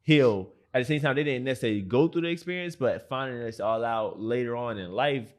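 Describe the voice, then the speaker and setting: A man hosting a podcast interview, relaxed and slangy, often saying "mm-hmm" to back up his guest. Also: medium pitch, fairly quick. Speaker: podcast host. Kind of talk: casual interview chat.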